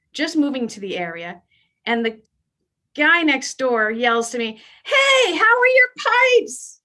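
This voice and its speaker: A woman in her fifties works through a stand-up set with a bright, forward voice pitched a little high. She is brash and self-deprecating, and she leans into bawdy punchlines. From Canada. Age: 50s. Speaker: stand-up comedian. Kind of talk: stand-up routine.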